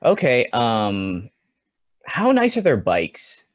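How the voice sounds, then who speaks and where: A man's voice: mid-range voice, huge pitch swings, takes it slowly, no room sound, clean studio sound. A man playing a tabletop game over an online voice call, rambling with lots of "like" and "um". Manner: rambling, full of "like" and "um". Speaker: player. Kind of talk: casual tabletop game play.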